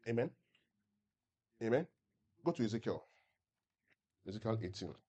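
A man's voice: lowish voice, big pitch swings, moderate pace, mellow, slightly rough. A man preaching a sermon as a pastor. He keeps checking that the congregation is following him and leads them in reading scripture aloud together. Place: church service with a congregation.

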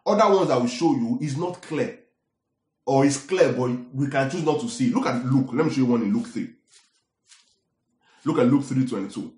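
Animated preacher man in an echoey hall. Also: medium pitch, moderate pace, pauses often. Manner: animated, often asks the congregation questions. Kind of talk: sermon.

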